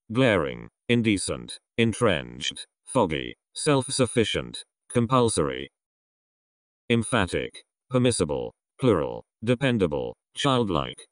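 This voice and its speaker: A man reading a vocabulary list aloud one word at a time, letting his pitch drop at the end of each group. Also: no room sound, studio quality.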